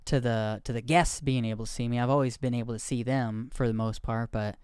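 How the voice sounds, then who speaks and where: A man's voice: medium pitch, steady tone, brisk, darkish tone, smooth, no room sound, clean studio sound. A man in his thirties hosting a podcast, rambling candidly and poking fun at himself in casual chat. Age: 30s. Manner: rambling, candid, self-deprecating. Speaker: podcast host.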